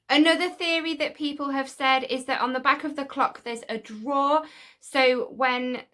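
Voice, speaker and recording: A woman with a high, bright voice hosting a casual fan vlog. She chats along informally and breaks off now and then into excited asides. Her tone stays light and sharp throughout. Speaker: fan channel host.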